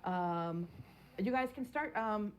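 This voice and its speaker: A woman hosting a casual chat, excitable and laughing often. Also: medium pitch, slow pace. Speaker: host.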